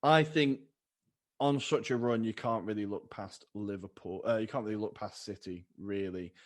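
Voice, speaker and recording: A man's voice: lowish voice, normal speed. A man co-hosting a podcast, chatting casually and upbeat about football and laughing easily. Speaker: podcast co-host.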